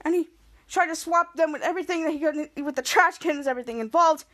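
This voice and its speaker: A woman's voice: high voice, quick pace, a bit bright. A woman podcast host giving a casual, rambling run-on recap of a TV episode. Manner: rambling, run-on narration with many restarts and giggles.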